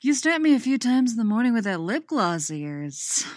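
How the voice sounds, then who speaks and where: A woman's voice: on the high side, very animated, normal speed, darkish tone, no room sound, studio quality, pitched above the performer's own voice. A woman reading the lines of a wry, teasing teenage boy in a storybook romance, in a playful voice with mock outrage.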